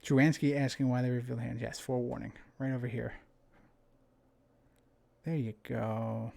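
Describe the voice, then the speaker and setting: A young man with a New Jersey accent talks through a card game match on a live stream. His delivery is loose and conversational, with plenty of fillers and restarts, at a mid-range pitch. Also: level tone, normal speed, vocal fry, a little mellow. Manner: casual, chatty, with frequent fillers and restarts. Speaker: game commentator.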